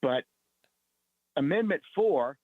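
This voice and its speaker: A man calling in to a radio show, talking in a relaxed, conversational way. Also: a little high, takes it slowly, dry recording. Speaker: caller. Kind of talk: casual phone call. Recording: tinny phone line.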